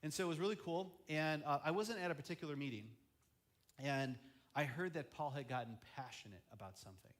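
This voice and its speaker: A man's voice: a little high, brisk. A young man preaching as a student ministry pastor, chatty, often acting out quoted voices. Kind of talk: youth sermon.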